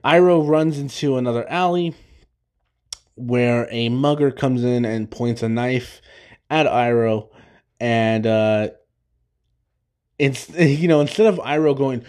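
Speaking slowly with long pauses, this young man hosts a podcast in a medium-pitched, slightly mellow voice. His episode recap wanders casually, packed with fillers and restarts, and he chuckles at his own jokes.

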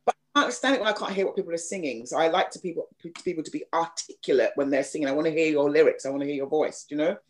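A woman from the East End of London with a slightly posh London accent, a singer hosting a casual podcast chat, halting and repeating words as she talks. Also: low voice. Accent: London, slightly posh with a Cockney edge. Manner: halting, repeats words, many 'you know's.

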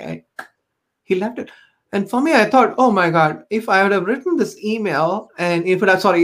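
A woman speaks as a guest on a podcast, recounting her own experiences in an earnest, reflective tone. Her voice sits at a medium pitch, and she often pauses with an um or a you know as she gathers her thoughts. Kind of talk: personal storytelling in conversation.

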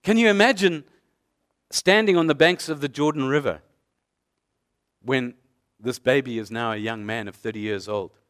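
A man's voice: mid-range voice, normal speed, long pauses, a bit bright, clean tone. A man preaching a sermon as a pastor, painting vivid scenes through repeated rhetorical questions.

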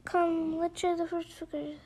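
A woman's voice: very high voice, little pitch movement, a little slow, dark tone. Mock Turtle, a woman reading mournfully. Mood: sorrowful. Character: weepy sorrowful male Mock Turtle.

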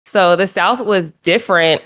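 A young woman with a New England accent co-hosts a relaxed conversation. She tells stories with energy and slips into playful voices. Her voice sits a little low for a woman. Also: unhurried, dry recording. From New England, Rhode Island. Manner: animated storyteller, playful put-on voices. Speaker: co-host. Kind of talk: casual chat.

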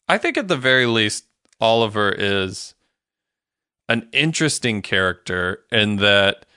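A man with a lowish, bright and crisp voice talks through a show recap as a podcast co-host. His delivery is loose and conversational, full of "like" and offhand swearing. The sound is dry and close. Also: dry recording. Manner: laid-back, swears casually, frequent fillers. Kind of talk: casual recap chat.

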